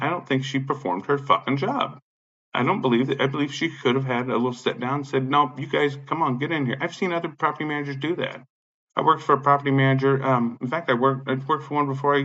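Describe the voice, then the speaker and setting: A man ranting angrily about his neighbors and landlord, swearing constantly and admitting he is high. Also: quick pace, a bit bright, dull audio. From Illinois. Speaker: tenant complaining about his apartment complex. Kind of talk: angry profane rant.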